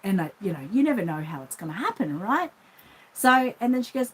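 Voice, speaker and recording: A woman's voice: medium pitch, very animated, a little fast, slight background noise, poor audio. Chatty Australian woman telling a story. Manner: chatty, rambling, acts out the voices in her anecdotes. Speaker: reborn doll shop owner. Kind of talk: casual storytelling vlog.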